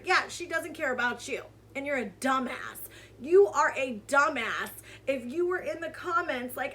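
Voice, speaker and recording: A woman with a high, bright voice rants through a casual commentary vlog. She is heated and sarcastic. Her tone stays sharp and lively throughout. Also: moderate pace. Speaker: commentary vlogger.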